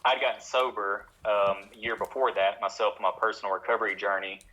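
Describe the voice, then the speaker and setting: A man with a Tennessee drawl, a guest on a podcast, telling his story in fast, run-on sentences full of fillers. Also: lowish voice, little pitch movement, sharp tone. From Tennessee, USA. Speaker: podcast guest, treatment center executive. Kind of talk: conversational storytelling. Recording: dull, lo-fi sound.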